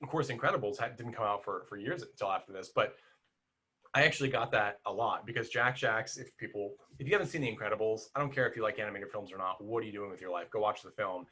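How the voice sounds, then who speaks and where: Animated man rambling about films. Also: lowish voice, quick pace, husky. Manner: rambling, animated, with many restarts and fillers. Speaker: podcast co-host. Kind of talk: casual film discussion.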